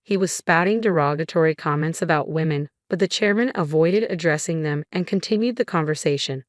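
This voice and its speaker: A woman narrating a scripted first-person drama in an even, measured way. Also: low-pitched, no room sound, clean studio sound.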